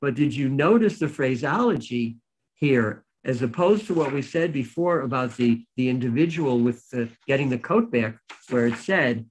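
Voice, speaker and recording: A rabbi giving a Torah lesson, who reads verses in Hebrew, translates them, and explains them with a story. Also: male voice, medium pitch, expressive, a little slow, rough recording. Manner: tells a story to make a point. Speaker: rabbi teaching a weekly Torah class.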